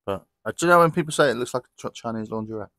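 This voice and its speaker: A man's voice: mid-range voice, lively intonation, racing, fairly bright tone, no echo. A young man chatting casually to viewers in a travel vlog, rambling and joking. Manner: rambling, jokey, talks to viewers. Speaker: vlogger.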